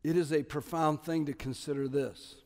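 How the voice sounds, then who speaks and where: A man preaching a sermon as pastor, stressing key words loudly and dropping to quiet asides. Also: fairly high pitch, steady tone, moderate pace, big-room sound. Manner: emphatic, swings between loud stresses and quiet asides.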